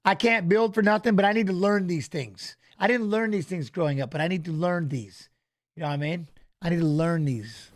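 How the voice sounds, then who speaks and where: High-voiced man rambling through a watch-along. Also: brisk. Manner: loose, rambling, chats with viewers, reads fighter stats aloud; frequent "you know what I mean" tag. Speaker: host of a fight watch-along. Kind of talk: casual live watch-along commentary.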